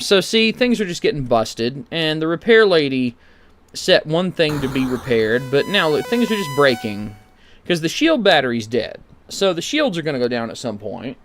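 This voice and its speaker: A man streaming a retro computer game, talking it through in a casual, rambling way. His pitch moves around a lot, sitting a little high for a man, and he drops dry, sarcastic asides. Music plays clearly behind him. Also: fairly bright tone. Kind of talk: casual gameplay commentary.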